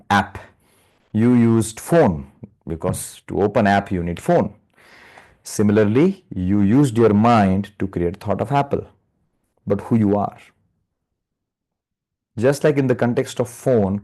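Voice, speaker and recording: A man's voice: fairly low pitch, dark tone. Indian-accented man teaching a live class. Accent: Indian English. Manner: conversational, keeps asking the class "right?" and "yes or no?". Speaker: meditation course instructor. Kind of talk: live online spiritual lecture. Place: video call. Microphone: computer or phone mic on a video call.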